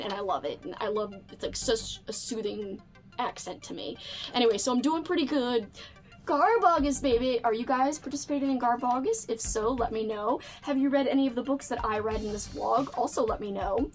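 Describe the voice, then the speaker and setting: A woman's voice: on the high side, darkish tone. Chatty, bubbly woman book vlogger. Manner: chatty and bubbly, many "like" fillers. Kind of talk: casual chat to camera.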